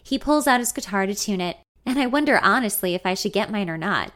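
A woman's voice: mid-range voice, expressive, fast, a bit bright. Woman narrating a confiding first-person story. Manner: intimate, confiding, wry.

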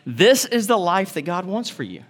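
Male pastor, high voice, animated sermon delivery with acted-out quotes and hushed tender moments. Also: normal speed, faint music behind. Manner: animated, acts out quoted voices, drops to soft tender tones.

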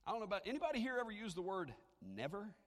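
A man's voice: high-pitched, racing. Man preaching in an echoing hall. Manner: animated preaching, dropping to a hushed near-whisper for emphasis. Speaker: pastor. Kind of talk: sermon.

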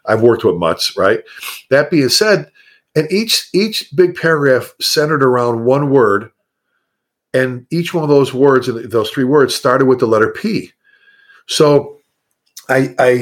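Animated middle-aged man telling stories. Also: measured pace. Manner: animated storyteller, high mocking quoted voices. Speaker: fire chief guest. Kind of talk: casual podcast conversation.

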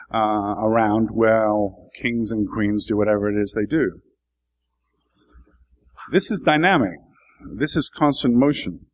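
A man preaching a sermon and explaining his text in a reflective teaching manner. His voice sits at an ordinary middle pitch, and he rises into emphatic, lifted stretches before settling back down. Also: poor audio. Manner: thoughtful, explanatory, builds to emphatic bursts.

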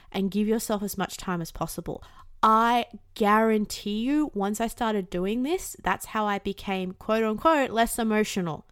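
A woman's voice: fairly high pitch, dry recording. Candid, swearing young woman, dry close sound. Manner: candid, swears casually, acts out inner voices. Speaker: self-help vlogger. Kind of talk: casual advice talk to camera.

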